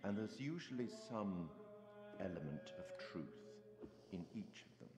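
A man voicing a measured, wry, ominous game narrator. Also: sits low, animated. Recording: roomy long reverb, music behind.

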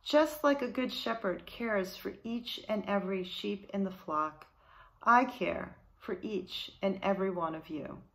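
A woman's voice: mid-range voice, measured pace, creaky, rough recording. A woman reading a children's Bible story aloud, voicing Jesus as a caring man explaining the story's meaning. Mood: earnest.

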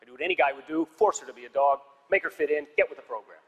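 A man's voice: a little high, racing, highs cut off. A man doing a stand-up comedy set on a theater stage, telling stories with dry, punchy one-liners. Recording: live hall reverb with audience noise.

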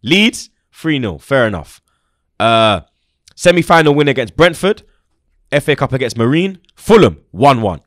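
On a football fan show, a young host rants animatedly in casual, heated chat, leaning hard on street slang and stress. He has a mid-range voice and takes his time. The sound is close-miked and completely dry, with no room around it.

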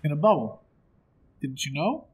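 A man's voice: a little high, big pitch swings, normal speed, a little mellow, a little hiss or hum. A man commentating a video game, chatty and joking, laughing often. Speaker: let's play commentator. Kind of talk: casual gameplay commentary. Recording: faint game music behind.

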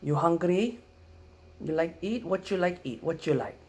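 A man doing a high, insistent old Filipino grandmother with a Filipino English accent, asking short broken questions. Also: expressive, moderate pace, warm tone, natural voice. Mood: pushy. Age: 70s. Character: old Filipino grandmother, pushy, fussing over food.

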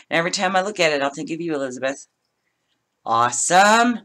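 At home opening craft mail, a middle-aged craft vlogger chats casually, gushing and laughing often as she unboxes. Her low voice is animated and fairly bright, moving at a moderate pace with long pauses.

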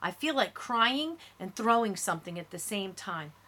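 A woman reading a first-person audiobook in steady, lower-key narration. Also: normal speed.

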